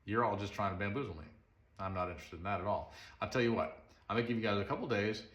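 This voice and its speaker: A man's voice: on the low side, fast, fairly bright tone, lo-fi sound, natural voice. A preacher acting out an imperious, impatient ancient king who makes blunt demands and threats. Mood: demanding. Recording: roomy echo.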